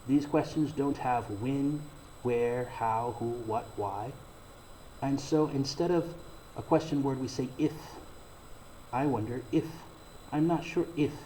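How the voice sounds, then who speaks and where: Mellow-voiced man teaching English grammar. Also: medium pitch, slight background noise, low-quality recording. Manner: slow, deliberate explaining with read-out examples. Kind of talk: recorded grammar lesson.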